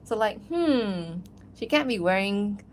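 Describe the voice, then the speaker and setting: A woman's voice: medium pitch, lively intonation, takes it slowly. A woman animator chatting casually on a livestream, rambling and giggling, with lots of fillers. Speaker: animator streaming while answering chat.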